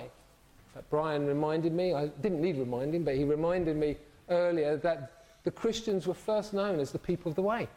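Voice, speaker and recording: A man's voice: high voice, mellow. A middle-aged man preaching a sermon, telling stories animatedly and acting out the voices of the people in them.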